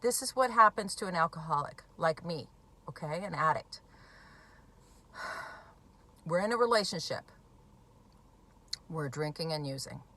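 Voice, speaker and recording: Blunt, bright-voiced woman talking to camera. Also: low voice, animated, a little slow, pauses often. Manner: blunt, emphatic, swears freely. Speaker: recovering alcoholic speaking on addiction. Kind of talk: direct-to-camera talk.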